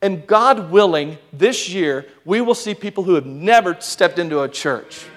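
High-voiced man preaching a lively sermon. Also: moderate pace. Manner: lively preaching with call-and-response, sometimes shouting. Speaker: youth pastor.

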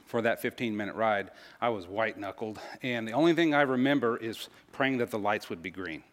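A man telling a personal story to an audience in a casual, halting way, with many fillers and restarts. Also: fairly low pitch. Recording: long hall reverb.

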